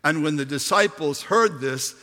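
A man preaching a sermon, reading scripture dramatically and swinging from hushed words to booming ones. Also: normal speed, long reverb tail. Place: large church hall.

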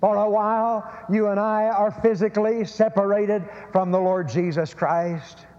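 A man's voice: high voice, fairly even intonation, measured pace, darkish tone. A man preaching a sermon, emphatic and prone to repeating words and restarting phrases. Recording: lo-fi sermon recording in a reverberant hall.

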